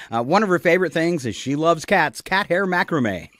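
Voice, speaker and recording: A man's voice: on the high side, animated, moderate pace, noisy background. A man hosting a morning radio show, joking and laughing through casual banter into a studio mic.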